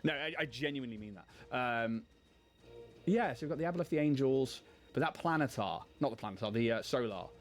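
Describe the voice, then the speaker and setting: A man's voice: medium pitch, lively intonation, a little fast. Casual male host, chatty and self-deprecating, painting-stream banter, faint music behind. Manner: chatty, self-mocking, laughs often. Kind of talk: casual chat while painting miniatures on a livestream.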